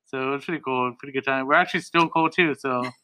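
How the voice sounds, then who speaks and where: Slangy, laid-back young man with a bright voice. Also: medium pitch, fast talker. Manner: laid-back, slangy and profane, laughs often. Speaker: tattoo artist guest. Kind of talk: casual podcast storytelling.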